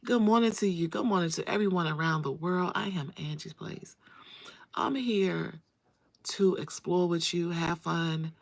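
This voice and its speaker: This host's voice is on the low side, unhurried and marked by vocal fry. Running a casual livestream, she speaks straight to viewers, greets them by name, and repeats phrases for emphasis.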